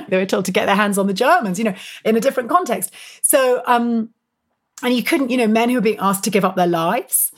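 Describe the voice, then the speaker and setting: A woman's voice: fairly high pitch, a little fast. A woman, speaking as an author interviewed as a guest. She tells her stories with energy, laughs often, and uses lots of fillers and restarts. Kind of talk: animated storytelling interview.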